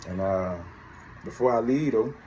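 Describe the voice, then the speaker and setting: A man's voice: mid-range voice, measured pace, dark tone, slight background noise, poor audio. A man from Georgia, telling his story casually and profanely, acting out both sides of each conversation. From Georgia, USA.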